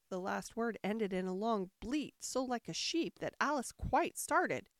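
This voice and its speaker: A woman narrating a storybook aloud in an expressive way, switching into voices for the characters. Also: medium pitch, measured pace, few pauses, no room sound, studio quality. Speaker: audiobook narrator. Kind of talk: storybook reading.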